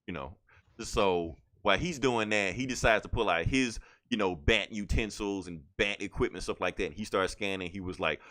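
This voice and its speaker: A man's voice: lowish voice, fairly quick, a bit bright. A man casually recapping a comic book on a podcast, rambling with lots of fillers and quoted lines.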